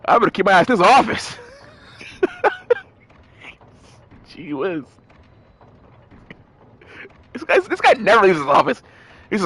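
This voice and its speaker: A man's voice: fairly high pitch, big pitch swings, brisk, pauses often, sharp tone, a little hiss or hum. A man streaming a game, joking and reading its dialogue aloud. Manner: joking, laughing, reads lines aloud.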